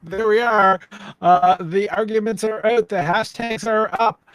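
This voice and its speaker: A man's voice: high voice, fairly even intonation, measured pace, fairly bright tone, dry recording. A man hosting a comedy game show stream, loose and chatty with lots of fillers and restarts.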